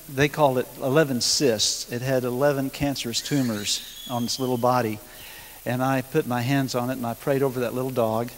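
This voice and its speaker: A middle-aged man, telling his testimony at a church seminar in a folksy, hesitant way, full of pauses and chuckles. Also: medium pitch. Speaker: guest minister sharing testimony. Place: school hall. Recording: long hall reverb, hiss.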